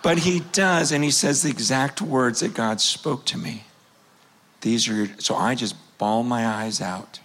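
A man in his fifties preaching a sermon, telling a personal story with passion, swinging from loud urgency to hushed quiet. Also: medium pitch, unhurried, slight background noise.

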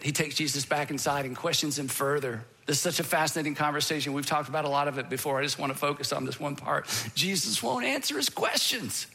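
Bright-voiced preacher telling a dramatic story. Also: male voice, a little high. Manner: dramatic storytelling, swinging from emphatic to whispered. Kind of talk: sermon.

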